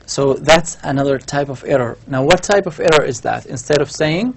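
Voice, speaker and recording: A man's voice: on the high side, normal speed, creaky, slight background noise. A man giving a university lecture, explaining step by step while writing on a board and often checking in with the class. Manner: writes on a board while talking.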